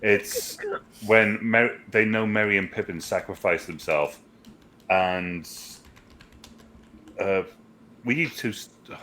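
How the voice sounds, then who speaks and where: Low-voiced man in a rambling review chat. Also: slow pace, pauses often, sharp tone, slight background noise. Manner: rambling, jokey, swears freely. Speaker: podcast co-host, movie reviewer. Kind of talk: casual chat.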